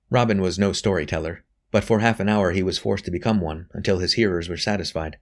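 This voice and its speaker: Deep-voiced male audiobook narrator. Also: quick pace, hardly any pauses. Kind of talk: scripted narration.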